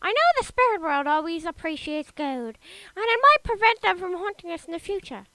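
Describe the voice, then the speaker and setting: Woman doing a theatrical high witch. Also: big pitch swings, fairly quick, bright, forceful tone, no echo, exaggerated voice. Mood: mystical.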